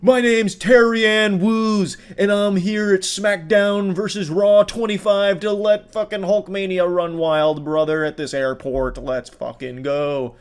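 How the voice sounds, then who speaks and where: A man voicing an entitled woman who introduces herself like a wrestler, in a slow, booming, over-the-top drawl. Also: fairly even intonation, clean tone. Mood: grandstanding. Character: hammy entitled woman doing a wrestling entrance.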